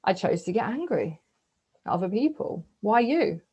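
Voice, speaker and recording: A woman, leading a gentle self-reflection talk as a spiritual coach, asking soft searching questions and pausing to sigh. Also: medium pitch, very animated, low-quality recording. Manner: breathy sighs, slow reflective pauses.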